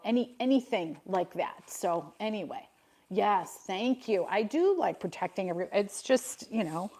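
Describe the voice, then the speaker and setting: A woman's voice: medium pitch, a little mellow. An older woman from Buffalo, New York, chatting casually on her livestream, reading out and answering viewers' comments and laughing often. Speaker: livestream host.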